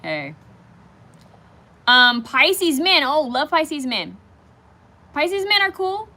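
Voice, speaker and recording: A woman's voice: high-pitched, sing-song, very slow, sharp tone. A woman hosting a casual live stream, chatting straight to her viewers and reacting to their comments as they come in.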